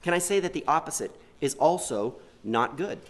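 A man delivering a sermon, his voice sitting a bit high and swinging widely up and down. He talks earnestly and keeps putting rhetorical questions to his listeners. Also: lively intonation, moderate pace. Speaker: preacher.

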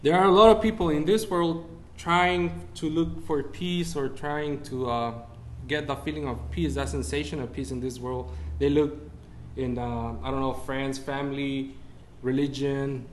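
A man's voice: mid-range voice, fairly even intonation, measured pace, slight background noise. Man preaching a sermon. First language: Spanish. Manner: searches for English words, rises when preaching.

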